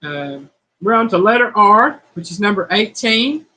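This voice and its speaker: A woman's voice: mid-range voice, animated, unhurried, pushed and bright, rough recording. A woman hosting a home cooking livestream, chatting casually and reading viewer comments aloud. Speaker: cooking channel host.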